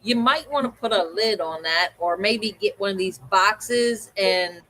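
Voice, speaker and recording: A woman co-hosting a livestream, telling an animated story in casual chat and acting out the voices of the people in it. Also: mid-range voice, measured pace, low-quality recording. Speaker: co-host.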